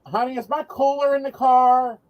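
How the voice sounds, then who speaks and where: A man's voice: very high voice, flat delivery, normal speed, dull audio. A man co-hosting a casual chat, making wry, dry asides. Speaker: podcast co-host, psychic.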